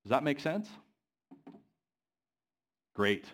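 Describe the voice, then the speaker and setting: A man delivering a sermon in a church, often pausing to put questions to the congregation. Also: medium pitch, sing-song, fairly bright tone. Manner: asks the congregation questions, pacing varies. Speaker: preacher.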